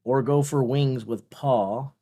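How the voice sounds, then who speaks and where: A man's voice: mid-range voice, takes it slowly, mellow. A man hosting a casual watch-along of a strongman contest, talking in a playful, jokey way with rambling asides. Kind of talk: casual live commentary.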